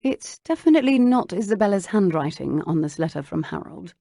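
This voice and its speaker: A woman narrating an audiobook, voicing an earnest bookish young woman who speaks intently, a little hurried. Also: on the low side, expressive, vocal fry, mellow, dry recording, studio quality. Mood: focused.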